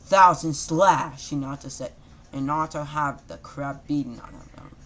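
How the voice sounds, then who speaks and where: A man's voice: mid-range voice, steady tone, normal speed, a bit bright. A man casually improvising a fan fiction story, rambling and correcting himself as he goes. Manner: rambling, self-correcting, loose grammar.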